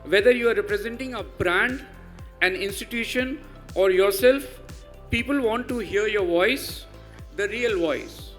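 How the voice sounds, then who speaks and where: A man with an Indian English accent giving a measured, emphatic conference talk. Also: sits high, a bit bright, faint music behind. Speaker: panel speaker.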